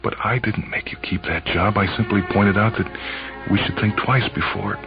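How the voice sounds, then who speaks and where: A man reading a story, voicing a gentle, tearful young wife who speaks softly. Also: on the low side, normal speed, vocal fry, muffled recording, over music, voice pushed up. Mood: pleading.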